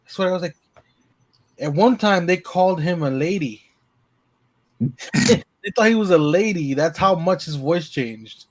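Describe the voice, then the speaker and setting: A man's voice: sits high, expressive, a little slow, long pauses. A man chatting casually on a livestream in loose, rambling sentences. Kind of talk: casual chat.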